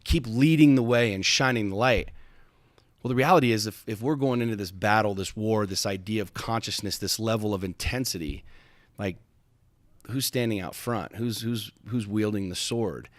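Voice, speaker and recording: A man with a low voice speaks on a podcast, recorded dry and close with no room sound. He tells a personal story with intensity and emphasis, swearing freely and often stumbling over repeated starts. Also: normal speed, no echo. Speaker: podcast host.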